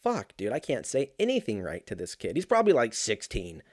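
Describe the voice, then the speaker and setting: A man in his early thirties telling a rambling, profane story in a casual, animated way, full of fillers. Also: medium pitch, a little fast, no echo, clean studio sound. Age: 30s.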